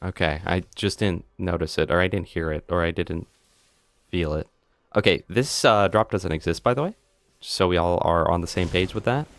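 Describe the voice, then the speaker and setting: A man's voice: low voice, normal speed, no echo. A man streaming a video game live, joking around and chatting to his viewers. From United States. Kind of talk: live gameplay commentary.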